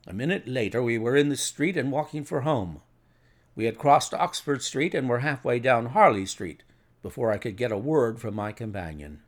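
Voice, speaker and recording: A man reading a classic detective story aloud in measured narration. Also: medium pitch, lively intonation. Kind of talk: audiobook narration.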